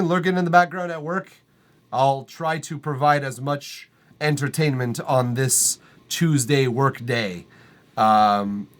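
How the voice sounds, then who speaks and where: A man's voice: medium pitch, a bit bright. A man from Montreal hosting a live music feedback stream, chatting casually, reading chat aloud, swearing and laughing often. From Montreal, Canada. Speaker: livestream host reviewing music. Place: home studio.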